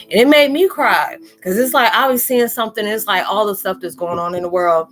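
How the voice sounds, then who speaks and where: A woman vlogger speaks straight to her viewers in a heartfelt, rambling way, drifting from thought to thought. She slips into the voices of the people she quotes. Faint music plays softly behind her. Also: lowish voice, expressive, a little fast, hardly any pauses. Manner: earnest, rambling, emotional, acts out quoted people. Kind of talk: heartfelt monologue to camera.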